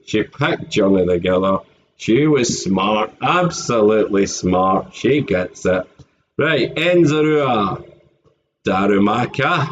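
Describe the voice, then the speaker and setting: A man's voice: medium pitch, a little hiss or hum. A Scottish man chatting casually and joking on a live stream, often laughing, with a dull lo-fi sound. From Scotland. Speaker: streamer opening trading card packs.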